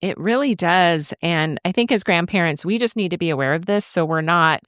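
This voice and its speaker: A middle-aged woman co-hosts a podcast in a chatty, storytelling way, often breaking into laughter. Her voice sits on the low side and sounds smooth and clear. The sound is dry and close. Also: animated, fairly quick, fairly bright tone, dry recording. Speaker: podcast co-host. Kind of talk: casual podcast chat.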